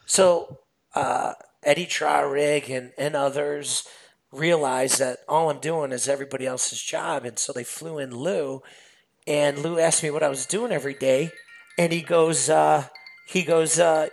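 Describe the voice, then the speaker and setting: A man's voice: a little high, unhurried, gravelly. A man guest on a podcast, a sales manager chatting casually and telling stories with lots of fillers. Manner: animated storytelling, many fillers.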